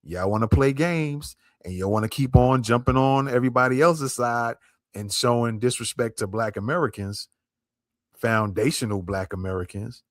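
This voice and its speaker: A man's voice: medium pitch, normal speed. A man in a middle voice hosts a commentary podcast, talking straight to his listeners. He is emphatic and circles back to the same points. The sound is dry and close, with no room echo. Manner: emphatic, repeats points, addresses listeners directly. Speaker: podcast host. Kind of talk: commentary on a played clip.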